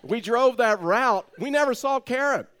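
A middle-aged man preaching, telling a personal story in an animated way and laughing as he goes. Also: extremely high pitch, normal speed, smooth. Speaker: pastor. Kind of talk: sermon storytelling.

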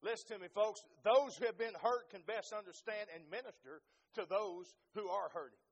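High-voiced middle-aged pastor preaching earnestly. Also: male voice, normal speed. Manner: earnest, repetitive preaching with direct appeals to listeners. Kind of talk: sermon.

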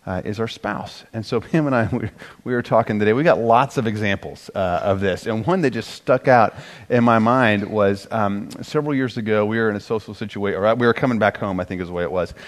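A man's voice: fairly low pitch, a little fast. Self-mocking man teaching about marriage. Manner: self-deprecating, joking, animated when quoting himself. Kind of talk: conversational teaching talk.

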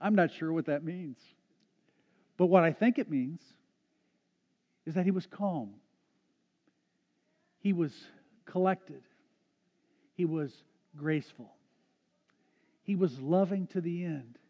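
A man's voice: a little high, slow, long pauses. A man preaching a sermon as a pastor in a church, earnest, often restarting his phrases. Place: church sanctuary. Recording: dull, echoey sanctuary sound.

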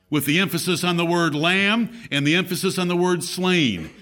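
A man's voice: high-pitched, lively intonation, normal speed, hardly any pauses, pushed and bright. A man preaching a sermon as pastor in a church, emphatic, his voice rising and falling.

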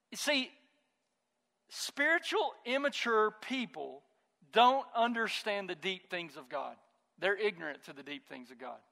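A high, bright male voice preaching a sermon in a church sanctuary. He is a pastor in his thirties who talks in an easy, conversational way and mixes in stories from home. His words ring out with a long reverb through the hall. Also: creaky.

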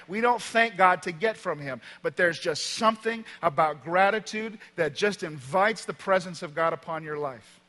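A man preaches in a church auditorium, his fairly high voice bright and forceful. He tells stories with emphasis, swinging between loud passages and quiet ones. The sound carries a long reverb from the large room. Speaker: pastor. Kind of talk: sermon.

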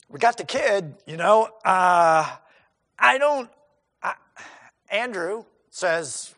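A man's voice: high voice, animated, drawn-out words, pauses often, pushed and bright, long reverb tail. A man preaching a sermon in a conversational, folksy way, acting out scenes with quoted voices and many asides. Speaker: pastor.

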